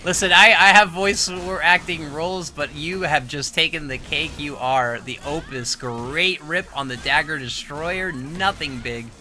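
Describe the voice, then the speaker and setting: A man commentating a fighting game tournament, animated and excitable, laughing often. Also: fairly high pitch, a little slow, few pauses. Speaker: esports commentator.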